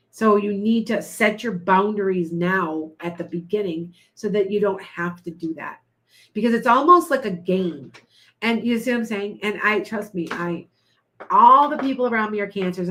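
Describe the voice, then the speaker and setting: A middle-aged woman, a tarot reader, chatting casually with live-stream viewers, blunt and quick to laugh. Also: medium pitch, fairly bright tone. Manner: blunt, chatty, laughs often, reads viewer comments aloud.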